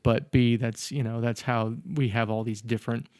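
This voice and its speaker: In clean, echo-free studio sound, a man co-hosting a casual film podcast rambles through a movie's plot, correcting himself and cracking jokes. His mid-range voice has a level, darkish, clean tone at a moderate pace.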